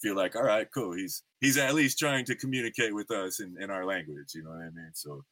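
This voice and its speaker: Male podcast host, 30s, slangy and rambling, lowish voice, close and dry. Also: brisk, pushed and bright, dry recording. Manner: laid-back slangy storytelling with lots of fillers. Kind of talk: casual interview chat.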